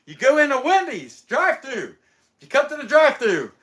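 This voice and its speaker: A man's voice: very high voice, huge pitch swings, normal speed, a bit bright. A man hosting a woodcarving channel, rambling through a casual joking monologue full of wisecracks.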